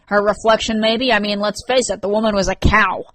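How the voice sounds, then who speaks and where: A woman's voice: medium pitch, steady tone, brisk, fairly bright tone, no echo, natural voice. Woman playing a sardonic teen boy, sarcastic, dismissive, dry close sound, audiobook. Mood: callous. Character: sardonic teenage boy with a dark secret.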